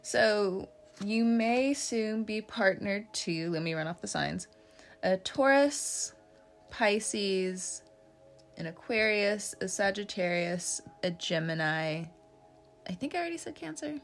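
A woman giving a casual tarot reading, chatty and joking, laughing often and swearing now and then. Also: medium pitch. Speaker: tarot reader.

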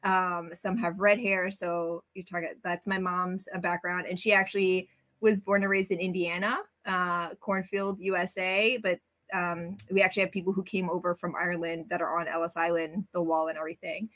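A woman from the Bronx, a guest on a podcast, telling stories in an animated, casual way and laughing easily. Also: fairly low pitch, normal speed. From the Bronx, New York. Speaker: podcast guest, brand creator. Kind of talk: casual conversational interview.

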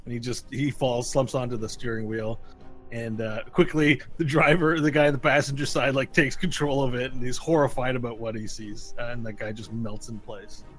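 A man running a tabletop game as game master, narrating in a rambling, animated way with restarts. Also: mid-range voice, normal speed, faint music behind, poor audio.

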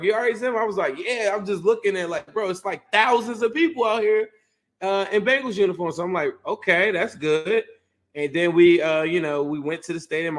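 A man casually telling a lively story, full of fillers and restarts, acting out what people said. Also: fairly high pitch. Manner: animated storyteller, acts out quotes, many fillers and restarts. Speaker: guest recounting a game. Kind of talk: casual chat.

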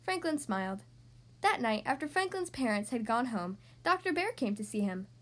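A woman reading a children's storybook aloud in a gentle, expressive manner. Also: a little high, normal speed.

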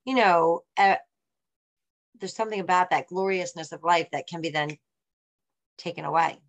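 A woman's voice: fairly low pitch, normal speed. A woman hosting a casual chat, asking questions and sharing her own stories in an encouraging way.

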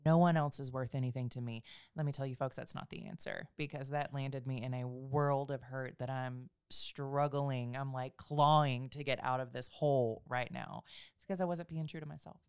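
Low, smooth-voiced woman podcast co-host. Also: steady tone, moderate pace, dry recording, clean studio sound. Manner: candid and confessional, laughs easily. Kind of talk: casual chat.

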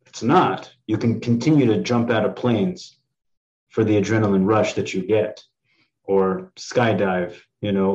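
A low-voiced man from the East Coast co-hosts a podcast, explaining points at length with hesitant fillers. The recording sounds dull and lo-fi. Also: darkish tone. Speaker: podcast co-host. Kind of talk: casual podcast chat.

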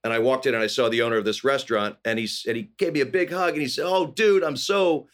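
A middle-aged man from California, a guest actor telling animated stories in casual conversation, often acting out quoted voices. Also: mid-range voice, very fast. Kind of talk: casual storytelling.

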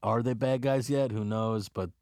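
A man in a casual movie review chat, excitable and profane, rambling from point to point. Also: medium pitch, moderate pace, clean tone.

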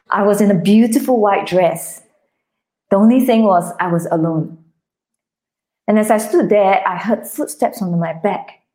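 A woman's voice: mid-range voice, a little mellow. Earnest woman sharing her testimony. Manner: earnest, heartfelt, with restarts. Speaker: guest author. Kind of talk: interview, personal testimony.

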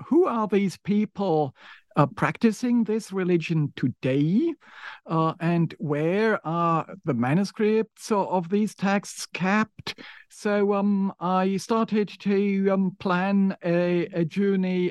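Man guest, non-native English accent, slightly high voice, slow and halting delivery, dry sound. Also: darkish tone, no room sound. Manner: halting, thoughtful, pauses often to search for words. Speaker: guest author, professor of religion. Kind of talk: podcast interview.

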